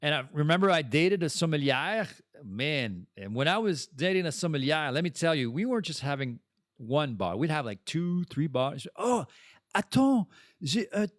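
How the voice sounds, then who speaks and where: A man's voice: a little high, animated, normal speed, fairly bright tone, no room sound, studio quality. A French-speaking man hosting a podcast, talking candidly and bluntly in a personal monologue and swearing freely. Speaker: podcast host.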